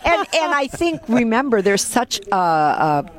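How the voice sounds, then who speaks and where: A woman's voice: a little high, big pitch swings, unhurried, crowd noise. A woman, a travel advisor chatting casually and upbeat as a guest on a radio show. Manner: chatty, upbeat, laughs easily.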